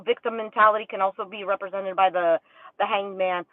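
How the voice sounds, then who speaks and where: A woman's voice: a little high, expressive, moderate pace, dry recording. A woman reads tarot in a loose, rambling way and slips into quoted inner thoughts as she goes. Her voice comes through thin and tinny, like over a phone line. The sound is dry and close, with no room around it. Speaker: tarot reader. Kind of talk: casual tarot reading.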